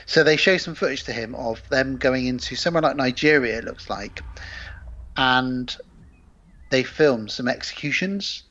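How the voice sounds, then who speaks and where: A man co-hosting a casual film podcast, recounting the plot in a steady, explanatory way. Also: mid-range voice, normal speed, dull audio. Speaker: podcast co-host.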